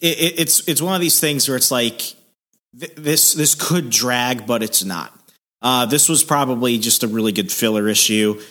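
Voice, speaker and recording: A man's voice: medium pitch, normal speed, pushed and bright. A man co-hosting a podcast, chatting casually with dry, sarcastic asides. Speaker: podcast co-host. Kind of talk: casual chat.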